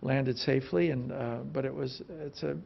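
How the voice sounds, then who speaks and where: A man, talking as a guest in an onstage conversation, relaxed and rambling with many restarts. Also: medium pitch, normal speed, gravelly, dull audio. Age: late 50s. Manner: relaxed storytelling, frequent restarts and "you know". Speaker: film actor as interview guest. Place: film institute stage before an audience.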